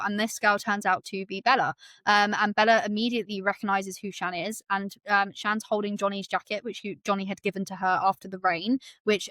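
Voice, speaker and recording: A woman's voice: medium pitch, no echo. Chatty woman retelling a book. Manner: animated retelling, acts out quotes, many fillers. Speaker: book podcast host. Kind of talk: casual book recap chat.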